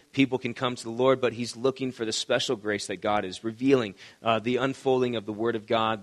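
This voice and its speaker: A man's voice: medium pitch, a bit bright. A male pastor preaching a sermon in a conversational, storytelling manner. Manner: conversational, storytelling with quoted voices.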